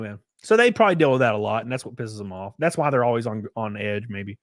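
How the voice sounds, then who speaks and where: A man's voice: on the low side, expressive, quick pace, hardly any pauses, no room sound, studio quality. A man hosting his livestream, ranting casually and profanely while mimicking people in mocking voices. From United States. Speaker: streamer host.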